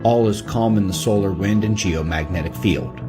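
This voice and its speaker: A man hosting a calm, scripted science news report. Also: on the low side, normal speed. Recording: music bed behind.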